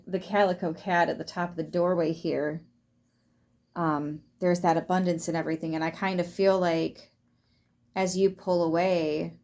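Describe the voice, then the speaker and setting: A woman's voice: lowish voice, a little mellow. A woman giving a casual tarot reading to her viewers in a chatty way, laughing often and swearing freely. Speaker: tarot reader.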